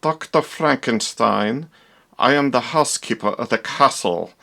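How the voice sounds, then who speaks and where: A man doing a stern, slow old housekeeper. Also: medium pitch, animated, vocal fry, over music. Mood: ominous. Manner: slow, heavy, foreboding. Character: stern older female housekeeper, ominous.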